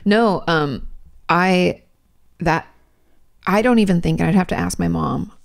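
A woman's voice: lowish voice, measured pace, creaky. A young adult woman from the United States co-hosting a podcast in casual chat, blunt, swearing and laughing often. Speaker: podcast co-host.

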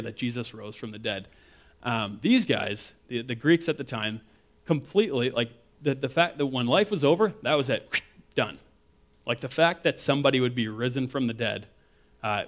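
A man preaching in a relaxed, conversational way. He tells stories and slips into other people's voices, getting louder and higher for the quoted lines and dropping soft for the earnest ones. His voice sits at an ordinary middle pitch. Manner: casual, animated storytelling with acted-out quotes. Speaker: guest speaker. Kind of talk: sermon.

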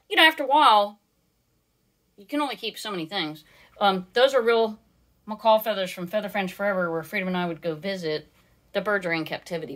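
A woman's voice: mid-range voice, a bit bright. A woman hosting a casual live stream from her home, chatting and rambling through her collection with fillers and asides to her pet parrot. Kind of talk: casual live show-and-tell.

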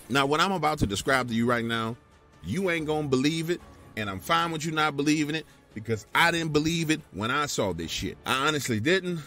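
Animated man telling a scary story. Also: on the high side, fairly quick, faint music behind. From Louisiana, US. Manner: emphatic, animated, talks straight to the listener. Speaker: guest telling his own encounter.

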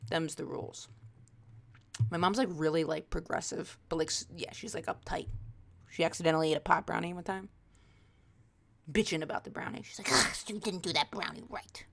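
Chatty woman podcast host, rambling funny stories, pops into squeaky quote voices. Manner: rambling, animated, jumps into high-pitched quoted voices. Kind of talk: casual comedic storytelling. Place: home, video call.

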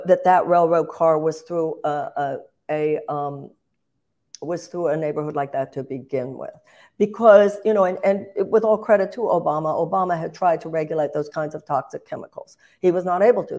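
An older woman talking politics with passion and force. Her low voice has a gravelly, fry-edged grain. She keeps restarting phrases and lifting into emphatic bursts. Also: darkish tone. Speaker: guest, political candidate. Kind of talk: impassioned political commentary.

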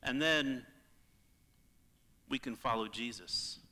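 Guy preaching a sermon in a big echoey church hall, sharp bright voice, goes loud then quiet. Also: medium pitch, slow pace. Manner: impassioned, swings between loud and hushed. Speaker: pastor. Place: church sanctuary.

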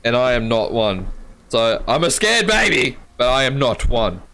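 A man's voice: mid-range voice, big pitch swings, moderate pace, sharp tone. An Australian man, the host, giving jumpy, joking commentary while playing a horror game and swearing often. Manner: jumpy, swears a lot, jokes to himself. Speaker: gaming channel host.

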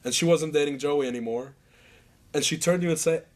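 A man telling animated stories in a casual interview, acting out other people and laughing as he goes. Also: fairly high pitch, brisk. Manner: animated, acts out voices and laughs through stories.

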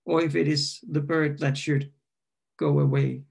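A man reading his own poem at an online poetry event. He hesitates and corrects himself while introducing it, then reads in a measured, questioning way. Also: fairly high pitch, sing-song, creaky, a little mellow, slight background noise. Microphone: video call.

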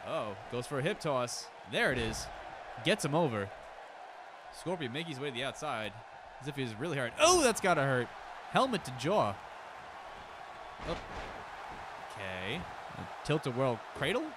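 A man doing casual play-by-play wrestling commentary, excitable and swearing, with joking asides and a voice strained from overuse. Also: medium pitch, noisy background. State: strained, losing his voice.

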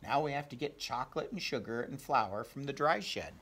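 A man reading a storybook aloud, voicing a calm, steady old grandmother in a soft, reassuring way. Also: medium pitch, fairly quick. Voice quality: croaky.

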